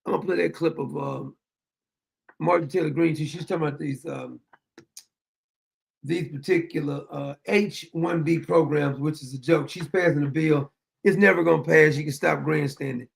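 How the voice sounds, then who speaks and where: A man's voice: a little high, moderate pace, creaky, slightly rough. A man hosting a casual monologue, telling stories with lots of laughter. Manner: animated storytelling, laughing often. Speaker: show host.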